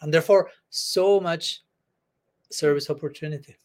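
A male spiritual teacher giving a devotional discourse in an earnest, halting way, often laughing between thoughts. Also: on the high side.

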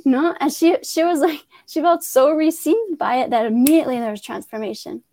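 A woman's voice: high voice, brisk, warm tone, no room sound. A woman who works as a transformative coach, earnestly telling a personal story in a conversational way, often restarting her sentences.

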